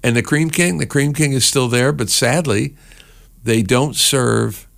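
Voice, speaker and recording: A man's voice: medium pitch, unhurried, creaky, a bit bright. A middle-aged man from New Jersey hosting a radio show, chatting casually and rambling between songs with many fillers. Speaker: radio host.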